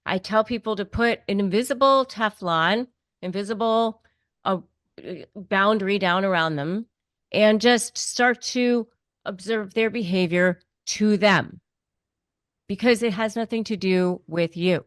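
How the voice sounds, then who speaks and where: A woman's voice: medium pitch, a little slow, no room sound, studio quality. A woman hosting an advice interview, speaking emphatically and repeating her key points. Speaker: host.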